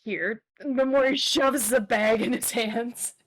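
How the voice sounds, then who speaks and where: A woman's voice: on the high side, slow pace. A woman playing a tabletop game, hesitant and laughing as she speaks for her character. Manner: hesitant, giggly. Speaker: player. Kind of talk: casual tabletop play.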